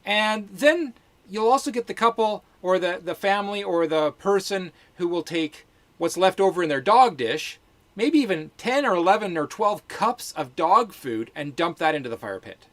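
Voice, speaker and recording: A woman co-hosting a casual live chat, telling stories and acting out what she says to people in a higher voice. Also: moderate pace. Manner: animated, acts out quotes in a higher voice. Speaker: co-host of a livestream.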